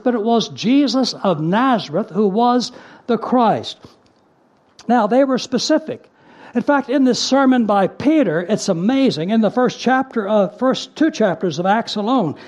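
A man delivers a sermon in a high voice, earnest and emphatic. He slows down to stress key phrases, then drops into plain conversational asides. The recording sounds dull and lo-fi. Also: darkish tone. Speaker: preacher.

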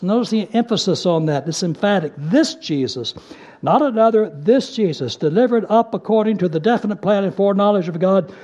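A man delivers a sermon in a high voice, earnest and emphatic. He slows down to stress key phrases, then drops into plain conversational asides. The recording sounds dull and lo-fi. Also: a little mellow. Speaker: preacher.

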